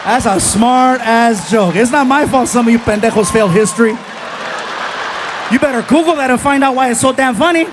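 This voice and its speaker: A middle-aged man telling a story on stage as a stand-up comedian, animated, acting out characters and laughing at his own jokes. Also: extremely high pitch, quick pace, background noise. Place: stage in a theater. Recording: live show, faint crowd behind.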